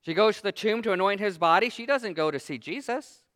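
A man's voice: high voice, animated, fairly quick, a bit bright. A man preaching a sermon as pastor, reading scripture aloud and then retelling it with emphatic, driving delivery.

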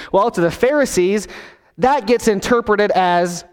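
High-voiced pastor in a reverberant hall. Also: male voice, moderate pace, smooth. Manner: storytelling, acts out scenes with voices. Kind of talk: sermon.

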